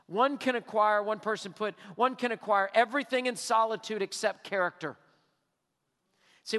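Emphatic high-voiced male pastor. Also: fairly bright tone. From Texas. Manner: emphatic, with long drawn-out pauses. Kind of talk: sermon. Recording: hall reverb.

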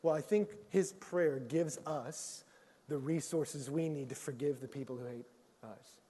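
A man preaching a sermon in a church, telling lively stories with jokes and acted-out quotes. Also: on the high side, unhurried, breathy edge, long reverb tail.

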